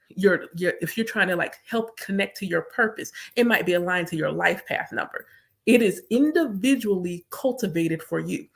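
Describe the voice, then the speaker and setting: Woman spiritual reader chatting to viewers, emphatic, says stuff twice, mid pitch. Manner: chatty, emphatic, repeats herself. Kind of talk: casual live chat to viewers.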